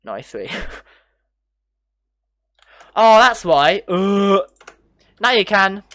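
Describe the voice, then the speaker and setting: A man's voice: high-pitched, sing-song, drawn-out words, fairly bright tone, no room sound. A man streaming a train simulator, chatting casually and answering his chat with frequent laughs. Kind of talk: casual livestream commentary.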